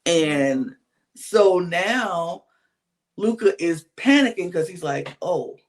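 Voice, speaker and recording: A man co-hosting a podcast, recapping a reality dating show in casual chat with lively slang-filled storytelling. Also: sits high, slow. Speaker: podcast co-host.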